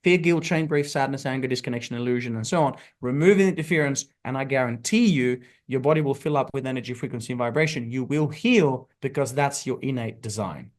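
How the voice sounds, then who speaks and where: Man telling a slow spiritual parable. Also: mid-range voice. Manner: storytelling, emphatic. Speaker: guest, spiritual teacher. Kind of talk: podcast interview.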